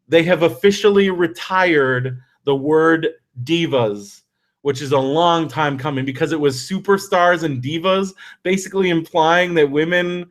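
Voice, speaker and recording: Unhurried and on the high side, this man hosts a podcast and spins a long, casual, lively story. He voices the people he quotes, and his speech is full of fillers and restarts.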